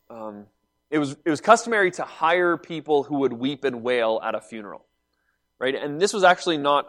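A man preaching a sermon, reading scripture and explaining it with animated emphasis and quiet asides. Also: mid-range voice. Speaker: pastor.

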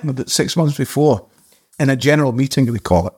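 An older man, an actor guest, telling a story casually in a halting way, with restarts and the odd casual swear. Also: medium pitch, expressive, a little mellow, breathy edge.

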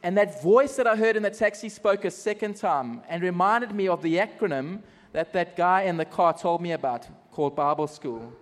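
High-voiced South African man preaching. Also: normal speed, few pauses, in a large hall. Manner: animated storytelling with self-mocking humor. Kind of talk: personal testimony sermon. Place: church service.

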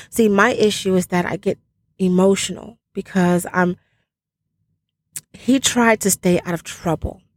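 A woman preaches slowly and earnestly, leaning on each phrase as she calls her listeners family. Her voice cracks with emotion now and then. The sound is close and dry, with no room around it. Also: mid-range voice, no room sound. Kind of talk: emotional online sermon.

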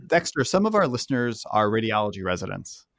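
A man hosting a podcast, reading out prepared interview questions in a measured, formal way. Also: on the low side, very animated, vocal fry. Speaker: podcast host.

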